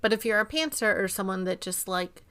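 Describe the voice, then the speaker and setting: A woman's voice: mid-range voice, expressive, brisk, fairly bright tone, smooth. A woman co-hosting a chat show about writing, enthusiastic and affirming. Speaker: podcast co-host, book editor. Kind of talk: casual chat.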